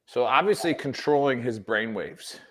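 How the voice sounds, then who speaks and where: A man's voice: mid-range voice, lively intonation, moderate pace, fairly bright tone. A man co-hosting a casual veterans' podcast, rambling through a theory and checking in with "right?". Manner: rambling, many fillers like "right?". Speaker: podcast co-host. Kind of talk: casual chat.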